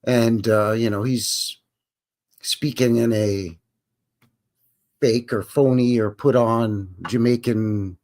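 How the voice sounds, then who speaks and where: A Canadian man hosts a livestream in a medium-pitched, steady, darkish voice, taking his time and pausing often. He chats in a rambling, jokey way, tagging lines with "eh, buddy."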